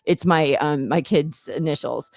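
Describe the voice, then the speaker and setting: A woman's voice: low-pitched, measured pace, vocal fry, no echo. Woman, middle-aged, American, rambling podcast chat, dry sound. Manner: rambling, many fillers and restarts, laughs often. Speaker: attorney and author, podcast regular.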